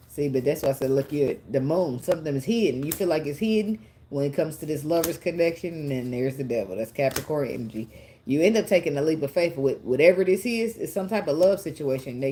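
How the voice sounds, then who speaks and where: A woman's voice: lowish voice, a little mellow, slight background noise. A woman, giving a casual tarot reading in a chatty way, swearing, laughing often and getting emotional. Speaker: tarot reader.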